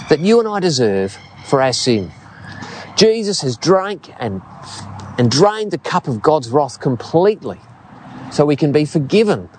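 Aussie preacher guy in his 50s, sermon with lots of stories, pitch jumps all over. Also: slight background noise. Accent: Australian. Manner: storytelling, earnest and expressive.

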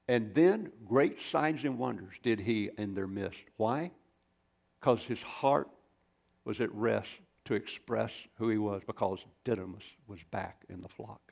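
A man's voice: lowish voice, measured pace, gravelly, a little mellow. A male pastor preaching a sermon in a folksy, storytelling way, with rambling asides.

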